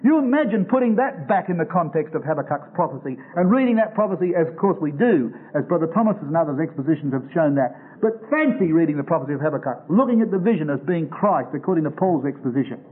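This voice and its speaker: A man preaching an expository Bible sermon, slowing down to stress each quoted verse. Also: on the high side, lively intonation. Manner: slows to stress quoted scripture. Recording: tinny phone-like recording.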